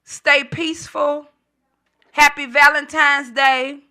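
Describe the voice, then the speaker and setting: Bright, high-pitched playful woman host. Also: little pitch movement, slow pace. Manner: playful, upbeat, teasing, laughs often. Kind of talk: casual chat on a live call-in show.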